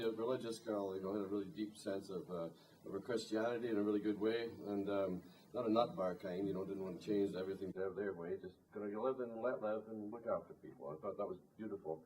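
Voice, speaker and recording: A man's voice: lowish voice, darkish tone, slight background noise. A man and singer-songwriter introducing a song at a live concert, telling a rambling story with dry humor. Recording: distant live concert recording, faint guitar.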